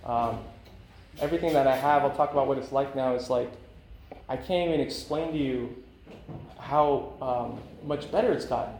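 At a recovery meeting, a man in his thirties talks openly about his own recovery, rambling and filling gaps with plenty of fillers. His mid-range voice is creaky and darkish, at a moderate pace. The meeting room sounds echoey, with faint ambience and slight background noise.

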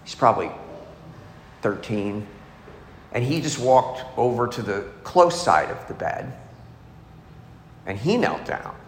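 A middle-aged man tells his personal story in a candid, confessional tone. His voice sits at an ordinary pitch and rings through a large echoing hall with a long tail. Faint room noise sits underneath. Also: sing-song, slow, pauses often. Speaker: recovery speaker. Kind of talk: personal testimony talk.

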